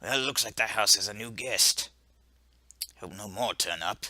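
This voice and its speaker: A man voicing a curt, gruff middle-aged male caretaker in a game, speaking low and terse. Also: measured pace, pushed and bright, no echo, heavily acted.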